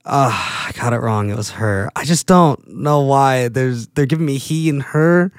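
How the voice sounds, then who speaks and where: A man's voice: medium pitch, unhurried, smooth, no room sound, studio quality. A man chatting casually to his viewers, rambling and laughing at his own mistakes. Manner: self-deprecating, rambling, laughs at himself. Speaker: vlogger. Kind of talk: casual chat to camera.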